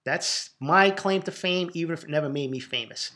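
A man with a thick Boston accent hosting a podcast, answering listener questions in a raw, emotional, profane way and talking quickly from the heart. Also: fairly high pitch, bright, forceful tone. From Boston, USA. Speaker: podcast host. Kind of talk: casual podcast Q&A monologue.

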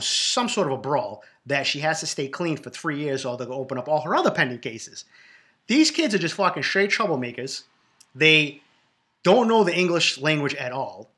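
A man's voice: medium pitch, pushed and bright. A man from Boston with a Boston accent, giving a blunt, profane, ranting review of reality TV shows in a casual monologue.

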